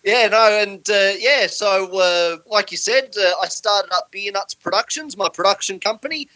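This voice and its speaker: An Australian man, a filmmaker guest, answering in a relaxed, joking way with frequent "uh"s. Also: high voice, moderate pace, rough recording. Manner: relaxed, joking, says "uh" often. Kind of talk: casual interview answers.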